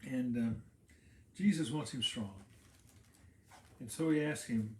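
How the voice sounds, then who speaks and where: A pastor gives a casual Bible teaching talk, explaining conversationally and repeating words while he thinks. His voice is medium-pitched and a little slow, with a roomy echo in the recording.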